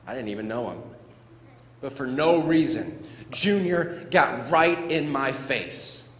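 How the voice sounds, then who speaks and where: Animated male speaker in an echoey hall. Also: mid-range voice, takes it slowly. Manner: animated, playful, acts out sound effects. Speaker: motivational speaker. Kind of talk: storytelling speech to students. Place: large school hall. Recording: echoey hall with faint room noise.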